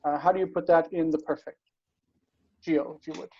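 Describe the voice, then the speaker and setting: With a husky mid-range voice, fairly even intonation, and a fairly quick pace, a Hebrew teacher explains grammar patiently over a video call. The audio is muffled, and the speech has lots of fillers and restarts.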